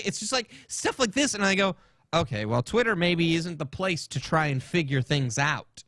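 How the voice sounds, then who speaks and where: A man's voice: high-pitched, very animated, normal speed, fairly bright tone, no room sound. A man hosting a podcast, telling a rambling story in a casual, swearing rant. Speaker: podcast host.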